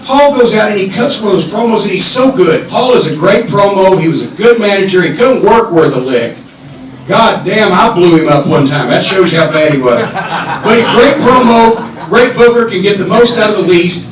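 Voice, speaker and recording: A middle-aged man hosting a live podcast from a comedy club stage, telling long, profane, animated anecdotes. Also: sits high, normal speed, a little hiss or hum. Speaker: podcast host. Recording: echoey room from far off.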